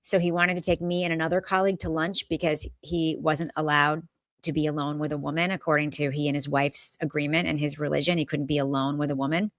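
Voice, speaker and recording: Outspoken Fall River woman, lower voice. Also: little pitch movement, quick pace, no room sound. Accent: Massachusetts, Fall River. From Massachusetts. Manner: pointed, opinionated, asks rhetorical questions. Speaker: podcast co-host. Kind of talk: casual chat.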